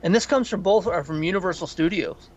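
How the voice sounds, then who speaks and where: A man's voice: high-pitched, fairly quick, dull audio. A man co-hosting a podcast, chatting casually and profanely about a film in a rambling way. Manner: rambling, profane, animated storytelling. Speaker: podcast co-host. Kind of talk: casual film review chat.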